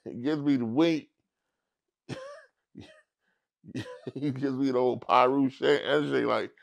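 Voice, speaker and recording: A middle-aged man spins a long, loose story in an interview, his voice gravelly with a rough fry at the bottom. He sits at an ordinary pitch and keeps slipping into other people's voices as he goes. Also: measured pace, pauses often. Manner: animated storyteller who acts out others in high squeaky voices. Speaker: comedian guest.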